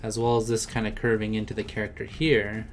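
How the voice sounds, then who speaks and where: A man's voice: lowish voice, little pitch movement, a little fast, slight background noise. A man chatting casually on a live stream as he draws, talking through his work and laughing often. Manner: chatty, laughs often, reads chat aloud. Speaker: artist streaming his drawing. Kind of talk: casual live-stream chat while drawing.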